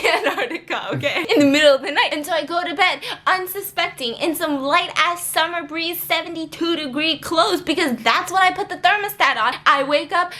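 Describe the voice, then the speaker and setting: A woman's voice: very high voice, a little fast, hardly any pauses. A woman vlogger telling a story in a casual chat, laughing often and acting out what people said. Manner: animated, laughs often, acts out quotes.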